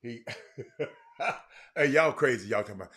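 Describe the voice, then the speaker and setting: Guy hosting a sports chat from his room, bright sharp voice, talks right to the viewers. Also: medium pitch, animated, measured pace. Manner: addresses viewers by name, loose and chatty. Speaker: sports talk show host. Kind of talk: casual live-stream chat. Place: room at home.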